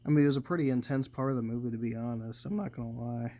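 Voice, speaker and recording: A man talks through a movie in a loose, unscripted way. He swears constantly, chuckles between thoughts and trails off as he goes. His voice sits at an everyday middle pitch. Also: very fast, mellow. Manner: rambling, heavy swearing, chuckles often. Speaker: movie reviewer. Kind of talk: casual spoken movie commentary.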